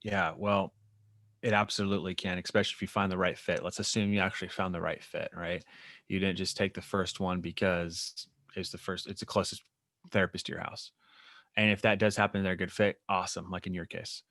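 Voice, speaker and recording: A low-voiced man talks as a therapist guest on a podcast, explaining his work in an animated way. He sometimes briefly acts out what clients say. The recording is dry with no room sound. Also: fairly quick, no room sound. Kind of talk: casual interview chat.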